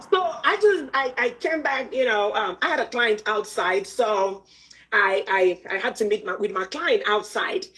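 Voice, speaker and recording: A woman's voice: medium pitch, fairly bright tone. A middle-aged woman hosting a casual livestream, laughing often and exclaiming emphatically between remarks. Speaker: livestream host.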